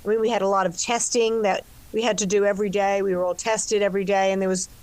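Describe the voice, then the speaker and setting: An older woman talks freely about her work in a relaxed interview. She circles back on her words, starts over, and fills the gaps with "you know." Her voice sits at a middle pitch. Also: fast talker, dry recording. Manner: expansive, restarts often, many "you know"s. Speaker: actress and co-writer discussing her film. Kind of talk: conversational interview.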